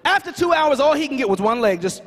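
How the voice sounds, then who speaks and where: Man, conference speaker, very high voice, rapid delivery, comic stories, reverberant hall. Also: slight background noise. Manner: animated, asks the crowd questions, fond of "right?". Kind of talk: comedic storytelling keynote.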